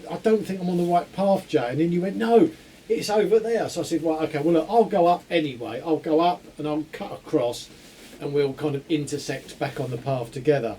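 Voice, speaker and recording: A man co-hosting a podcast, telling an animated story in casual chat. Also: a little high, fairly quick, slight background noise. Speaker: podcast co-host.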